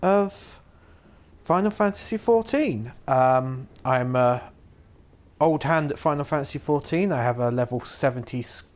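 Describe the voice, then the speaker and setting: A man's voice: medium pitch, measured pace. A man giving casual gameplay commentary in a hesitant, self-deprecating way with many fillers. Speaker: let's play gamer.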